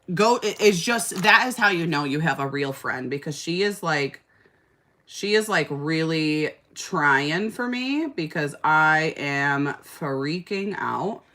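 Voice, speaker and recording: A woman with a low-pitched voice and a bright, pushing tone recounts a chaotic story to her livestream audience. She talks casually and dramatically, throwing in swear words as she applies makeup. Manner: animated, exaggerated storyteller who swears casually. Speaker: livestream host doing makeup.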